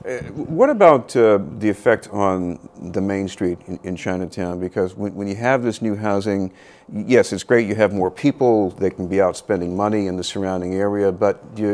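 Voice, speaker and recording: Male news interviewer, low pitch, halting questions with restarts. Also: a little mellow.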